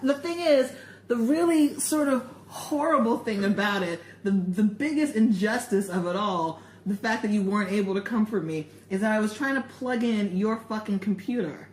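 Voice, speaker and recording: A woman's voice: mid-range voice, expressive, moderate pace, a little mellow. A woman teasing her partner on a podcast, giggling often as she retells a story with exaggerated outrage. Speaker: podcast co-host. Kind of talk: casual comedic banter. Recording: echoey room.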